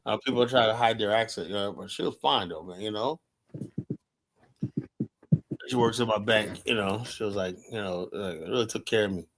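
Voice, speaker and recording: A man hosting a podcast, telling stories in a rambling, animated way with plenty of swearing. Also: on the low side, moderate pace, long pauses, background noise. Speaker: podcast host. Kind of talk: casual chat.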